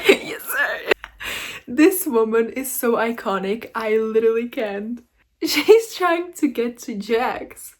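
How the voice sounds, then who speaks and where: A young woman talking casually in a reading vlog, excitable and gushing, with frequent giggles. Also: on the high side, slow pace. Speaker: book vlogger.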